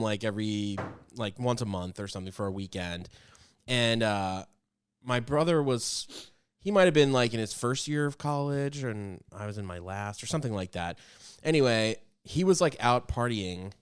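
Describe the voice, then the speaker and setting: Smooth-voiced, excitable podcast storyteller. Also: male voice, lowish voice, dry recording, clean studio sound. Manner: excitable storyteller who gets loud when quoting. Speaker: podcast co-host. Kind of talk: casual chat.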